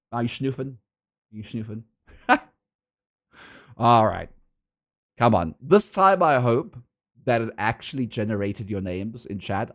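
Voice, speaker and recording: A man streaming a game and chatting with his viewers, teasing them and laughing often. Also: fairly low pitch. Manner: playful, teasing, laughs often, jumps between loud and mumbled; reads chat aloud and answers viewers. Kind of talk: casual livestream chat.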